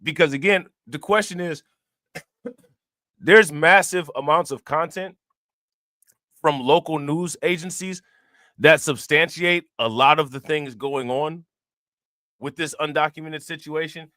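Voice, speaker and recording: A man's voice: a little high, unhurried, long pauses, sharp tone, dry recording, clean studio sound. A man hosting a reaction channel, talking casually and firing rhetorical questions at his viewers. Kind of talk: casual commentary.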